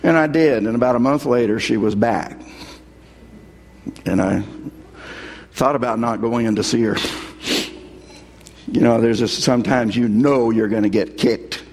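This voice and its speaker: A man's voice: mid-range voice, measured pace, long pauses, darkish tone, long reverb tail. A man preaching a sermon as a pastor, earnestly telling stories and quoting scripture. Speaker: pastor and hospital chaplain.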